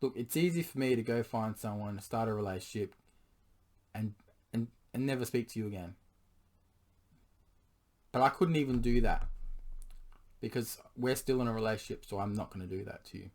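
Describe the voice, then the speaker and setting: A man's voice, a little low and gone hoarse, carries a late-night confessional monologue. He talks in an earnest, pleading way, pausing often to clear his throat as his voice gives out. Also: a little mellow. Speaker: vlogger addressing his partner.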